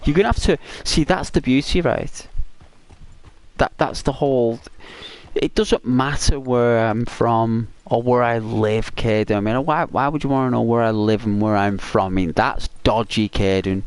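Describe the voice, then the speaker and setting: A man's voice: mid-range voice, unhurried, smooth, no echo. A man with a Northwest English accent, a gaming YouTuber chatting casually with viewers while playing, rambling and teasing. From Northwest England. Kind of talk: casual chat with viewers during gameplay.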